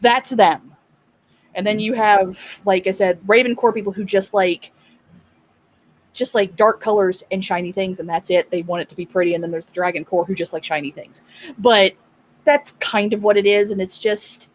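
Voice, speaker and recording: A woman's voice: medium pitch, fairly even intonation, moderate pace. Woman on a chat stream just explaining stuff, lots of likes and ums. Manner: explaining with frequent fillers. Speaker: panel guest. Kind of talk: casual chat.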